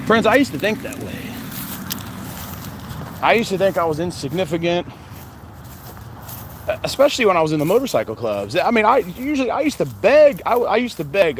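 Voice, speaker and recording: A man's voice: high voice, sing-song, moderate pace, long pauses. A man talking earnestly and rambling to his viewers outdoors, filming himself on a phone. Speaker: vlogger. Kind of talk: casual monologue to viewers. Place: outdoors, windy cemetery grounds. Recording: noisy outdoor recording with wind.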